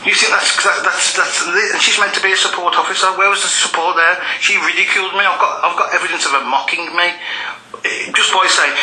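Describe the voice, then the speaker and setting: A man's voice: sits high, quick pace, bright, forceful tone, reverberant, a little hiss or hum. A man on a recorded phone call, shaken and angry, pressing a complaint and repeating himself insistently. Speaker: tenant making a complaint.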